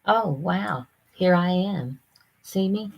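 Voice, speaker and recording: An older woman, chatting casually on a live stream, rambling and halting with lots of fillers. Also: on the low side, expressive, gravelly, a little mellow. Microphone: computer camera mic.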